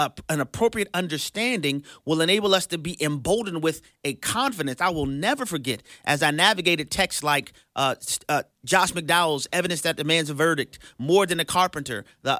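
A man's voice: fairly high pitch, sharp tone, no echo, studio quality. A man hosting a radio fundraiser, speaking in an emphatic, preacherly way. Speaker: radio host.

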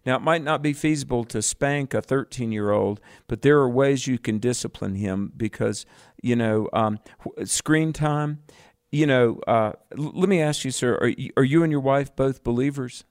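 A man's voice: mid-range voice, normal speed, darkish tone, clear, resonant tone, no echo, clean studio sound. Firm radio co-host man. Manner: firm, fatherly, preacherly emphasis. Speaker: radio Bible show co-host. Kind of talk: call-in radio advice.

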